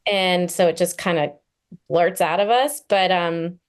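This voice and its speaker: A woman therapist appears as a guest on a casual podcast, talking earnestly and chattily with frequent fillers and quick laughs. Her voice is lowish, clear and resonant.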